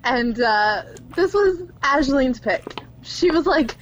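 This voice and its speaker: A woman's voice: high voice, lively intonation, unhurried, hardly any pauses, dull audio, slight background noise. A young woman co-hosting a casual film podcast, chatty and giggly, reading out facts about films. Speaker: podcast co-host. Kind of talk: casual chat.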